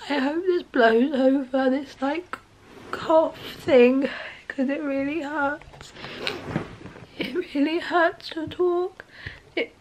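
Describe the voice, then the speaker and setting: A young woman from England chatting casually in a home vlog, hoarse and out of breath, often dropping to a breathy whisper. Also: high voice, slow. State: hoarse, losing her voice. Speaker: vlogger. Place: bedroom at home. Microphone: camera.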